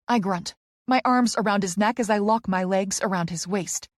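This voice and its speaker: A woman reads a first-person romance audiobook in a medium-pitched voice, moving between hushed narration and heated dialogue. The recording is close and dry, with no room sound. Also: moderate pace, no echo. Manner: expressive, shifting from soft narration to heated dialogue.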